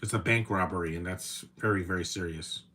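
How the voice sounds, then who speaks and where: A man's voice: sits low, brisk, sharp tone. A man in his thirties giving casual, opinionated live commentary while watching a movie, rambling with restarts and fillers.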